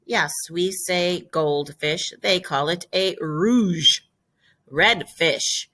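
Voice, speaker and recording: A woman teaching a French vocabulary lesson, explaining step by step and repeating each word slowly and clearly. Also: fairly low pitch, lively intonation, pushed and bright. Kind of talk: classroom lesson video.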